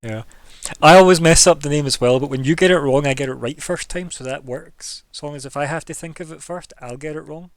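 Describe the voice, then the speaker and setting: A man's voice: a little high, a little fast, few pauses, dry recording. A man narrating as game master in a tabletop role-playing session, talking in a loose, rambling way with many fillers.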